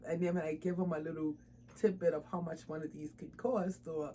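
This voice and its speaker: A woman's voice: low voice, steady tone, fairly quick, warm tone, slight background noise, rough recording. A woman chatting casually to camera about her doll hobby, informal and laughing often. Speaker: doll collector vlogger.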